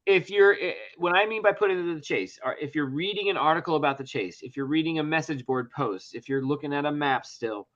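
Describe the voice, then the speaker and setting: A man's voice: fairly high pitch, fast, hardly any pauses, fairly bright tone. A middle-aged man hosting a casual talk show, telling a story animatedly, acting out dialogue and swearing often. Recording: dull lo-fi sound.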